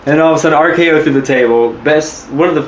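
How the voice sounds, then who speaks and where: A man co-hosting a wrestling podcast in casual chat, recapping events in a relaxed, measured way. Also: on the high side, roomy sound, muffled recording, a little hiss or hum. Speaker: podcast co-host.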